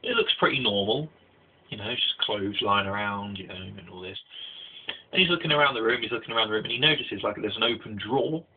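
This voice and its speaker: Husky low-voiced man rambling through a review. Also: quick pace. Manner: rambling, many restarts and "like" fillers. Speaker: anime reviewer. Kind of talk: casual spoken review. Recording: tinny phone-like low-quality audio.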